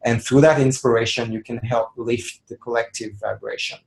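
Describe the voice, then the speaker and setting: A man in a relaxed, reflective webinar conversation about personal growth. His voice sits in an ordinary middle range. He circles back on his phrases, with plenty of "you know" fillers. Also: medium pitch, moderate pace, vocal fry, low-quality recording. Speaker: webinar co-host. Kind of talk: casual spiritual discussion.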